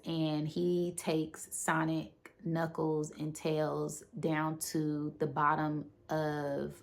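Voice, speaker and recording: A woman with a fairly low voice recaps a movie in a loose, rambling way. She keeps adding filler words and slips briefly into the characters' lines. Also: monotone, extremely slow, creaky, few pauses. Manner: rambling, with many fillers and acted-out quotes. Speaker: movie reviewer.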